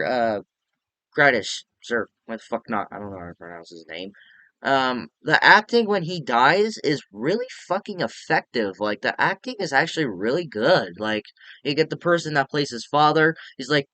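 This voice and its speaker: A man rambles through a casual movie review, cursing freely and getting animated. His voice is bright and crisp. The sound is dry and close, with no room around it. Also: mid-range voice, a little fast, no echo.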